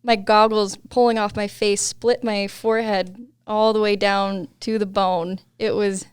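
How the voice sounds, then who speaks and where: A woman's voice: mid-range voice, flat delivery, measured pace, smooth, dry recording, clean studio sound. A young adult woman, a podcast guest, telling a story in casual chat, laughing often and saying "like" a lot.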